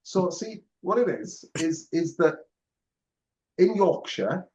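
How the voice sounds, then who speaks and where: Man, joking, stammering, fairly high voice, muffled lo-fi sound. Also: very animated, takes it slowly, mellow, a little hiss or hum. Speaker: podcast co-host. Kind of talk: casual chat. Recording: muffled lo-fi audio.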